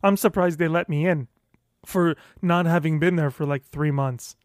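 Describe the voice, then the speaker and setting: A high-voiced man rants into the mic on his own podcast, swearing freely and stumbling over repeated words as he works himself up. The sound is close and dry, with no room echo at all. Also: steady tone, moderate pace. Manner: profane, fired-up self-motivating rant; repeats and restarts words when worked up. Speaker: podcast host. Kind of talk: solo podcast monologue.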